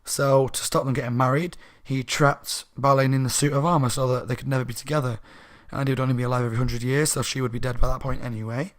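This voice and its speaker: A man in mid-range pitch talks through a book's plot in a loose, chatty way, a little tipsy and prone to stumbling over his words. He circles back, corrects himself and keeps things informal. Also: steady tone, quick pace, hardly any pauses. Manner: rambling, chatty, self-correcting. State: slightly drunk. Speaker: book reviewer, channel host. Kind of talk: casual spoken book recap.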